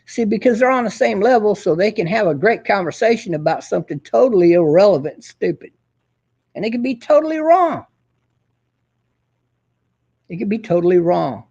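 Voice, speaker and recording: A man's voice: high voice, fast talker, vocal fry, hardly any pauses, a little mellow, slightly rough, muffled recording. A man hosting his own show, ranting in a profane, combative and boastful way. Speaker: host. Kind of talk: casual ranting monologue.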